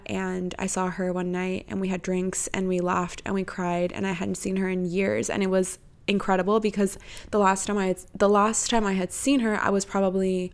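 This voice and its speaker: A woman in her twenties hosting a podcast, chatting casually in a rambling, freewheeling way and swearing freely. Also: mid-range voice. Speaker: podcast host. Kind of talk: casual chat.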